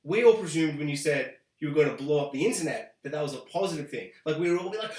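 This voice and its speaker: A young man hosting a ranting video review, sarcastic and animated. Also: a little high, fast talker, few pauses. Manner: sarcastic, animated, mocking quoted voices. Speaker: host. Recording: echoey room.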